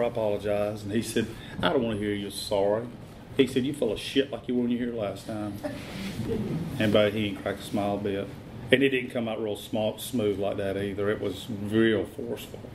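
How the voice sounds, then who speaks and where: A middle-aged man giving a blunt, plain-spoken personal testimony at a recovery meeting, halting often with fillers. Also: medium pitch, a little hiss or hum.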